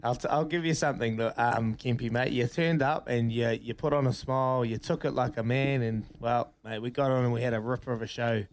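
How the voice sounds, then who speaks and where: A man's voice: mid-range voice, steady tone, a little fast, few pauses, a little hiss or hum. A man co-hosting radio, teasing his colleague in casual banter. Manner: teasing, says mate a lot. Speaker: radio co-host.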